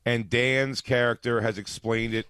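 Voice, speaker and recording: A man telling rambling anecdotes in casual radio chat, halting and restarting. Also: mid-range voice, flat delivery, fairly bright tone, clear, resonant tone, dry recording.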